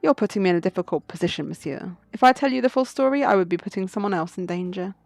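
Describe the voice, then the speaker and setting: A woman's voice: mid-range voice, lively intonation, fast talker, vocal fry, no room sound, faint music behind. A woman voicing a suave male fox fugitive who speaks in a poised, riddling storyteller manner. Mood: cryptic.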